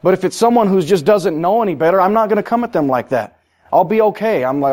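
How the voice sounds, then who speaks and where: A man with a high voice preaches a sermon to his church. He is emphatic, climbing up and getting louder when he scolds, then slowing down and dropping low to drive his point home. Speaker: pastor.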